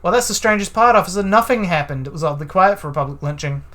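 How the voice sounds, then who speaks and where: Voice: medium pitch, fast, fairly bright tone, lightly acted. A let's-play narrator voicing a nervous, evasive, genteel man witness who speaks in fussy, formal, hesitant phrases.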